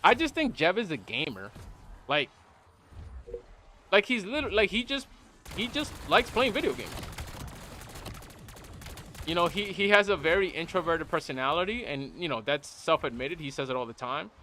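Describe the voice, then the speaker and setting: A man's voice: fairly high pitch, normal speed, pauses often, a little hiss or hum. A man streaming a game, giving his blunt opinions in casual chat and often repeating himself. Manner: blunt, animated, repeats phrases. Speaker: gaming streamer. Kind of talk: casual opinion talk while gaming.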